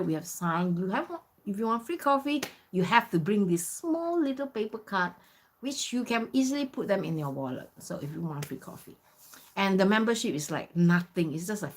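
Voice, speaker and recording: A woman in her fifties from Singapore, casually telling a story with many "you know" fillers. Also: fairly low pitch. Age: 50s. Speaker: vlogger.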